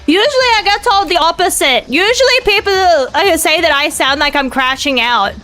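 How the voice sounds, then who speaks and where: High, bright-voiced frantic woman streamer. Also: animated, moderate pace, soft background music. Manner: frantic, swearing, talks herself through the game. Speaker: VTuber streamer. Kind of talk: live gameplay commentary.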